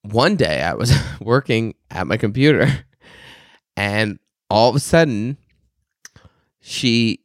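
A man telling a story in casual podcast chat, laughing often and swearing freely, sometimes mimicking shrill yelling. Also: animated, slow, long pauses, no echo, studio quality. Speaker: podcast co-host.

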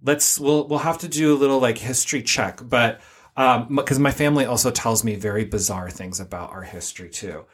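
A man's voice: mid-range voice, a little fast, breathy edge. Guy rambling on a podcast, lots of ums and likes, regular mid voice. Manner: chatty, rambling storyteller with many fillers. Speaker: podcast co-host. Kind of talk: casual podcast chat.

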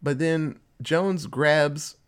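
A man casually recapping a TV episode with a co-host, telling it in an animated way and popping into quick voices for the characters. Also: fairly high pitch, clear, resonant tone. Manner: animated storytelling with quick voice switches for quoted characters. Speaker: podcast co-host.

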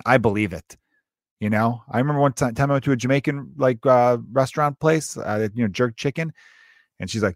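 A man's voice: mid-range voice, no room sound, clean studio sound. A man, talking through a loose, profane, rambling podcast monologue and often restarting his sentences. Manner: rambling, profane, self-interrupting storyteller. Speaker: podcast host. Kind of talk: casual monologue.

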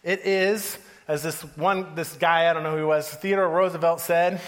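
A man's voice: fairly high pitch, moderate pace, few pauses. A man in his thirties giving a casual, joking sermon, often laughing as he talks. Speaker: pastor. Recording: long hall reverb.

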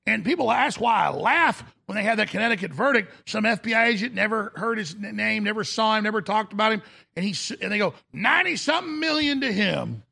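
A middle-aged man, hosting a talk show in a mocking, animated rant that breaks into shouts and mimicked voices. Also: sits high, quick pace, creaky, breathy edge. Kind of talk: ranting monologue.

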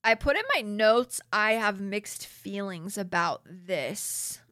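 A young woman in her twenties hosting a casual solo recap, animated and exasperated, peppering her talk with "like" and blunt slang. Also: mid-range voice, takes it slowly, dry recording, clean studio sound. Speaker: podcast host recapping a reality show.

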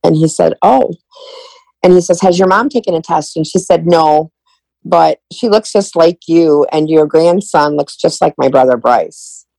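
A woman's voice: low voice, measured pace, vocal fry, mellow, dry recording, poor audio. A middle-aged woman telling her family story in an interview, retelling conversations in quoted dialogue. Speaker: guest.

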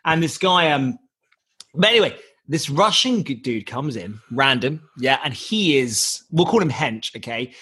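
A man's voice: mid-range voice, unhurried, husky. A young English man telling a story in a casual, jokey way, acting out the voices of the people in it. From England. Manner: animated, jokey, acts out quoted voices.

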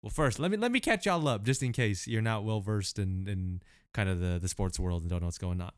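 Chill podcast dude, kinda low smooth voice, slangy and loose, dry close sound. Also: male voice, lively intonation, a little fast, no room sound. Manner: laid-back, slangy, laughs often. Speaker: podcast co-host. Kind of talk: casual chat.

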